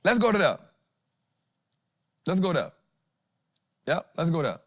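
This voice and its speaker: Animated slangy man, higher voice. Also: a little slow, dry recording, clean studio sound. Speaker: podcast host, trading educator. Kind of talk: motivational casual talk.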